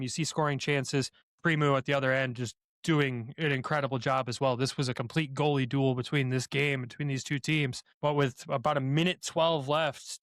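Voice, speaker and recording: A man's voice: medium pitch, a bit bright, no room sound, clean studio sound. A man co-hosting a hockey podcast, recapping games with energy, step by step. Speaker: podcast co-host. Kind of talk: game recap commentary.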